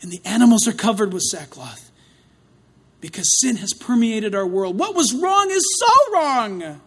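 A man preaching a sermon, swinging between loud outcries and hushed asides, with a dramatic delivery. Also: high voice, very animated, a little slow.

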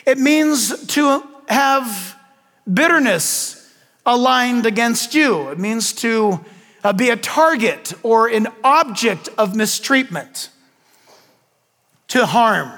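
An older man preaching to a congregation, with an unusually high voice for a man. He asks the room questions and drops homey asides between points. His voice rings out in a large hall with a long reverb tail. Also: animated, takes it slowly, bright, forceful tone. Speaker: pastor. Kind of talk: sermon.

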